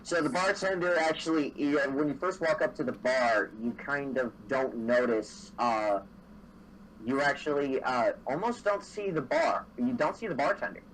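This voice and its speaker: A man's voice: mid-range voice, moderate pace, a bit bright, a little hiss or hum, poor audio. A man narrating as game master of a tabletop game, meandering with many fillers and self-corrections.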